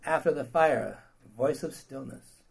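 A man's voice: medium pitch, a little slow, gravelly, slightly rough, poor audio. A man preaching a sermon, reading old scripture verses and then retelling them in blunt everyday slang with laughs and questions to the congregation.

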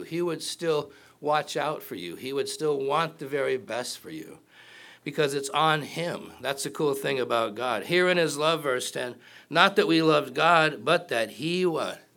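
Man, pastor, slightly high voice, conversational sermon, questions to the congregation, joking asides. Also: fairly bright tone.

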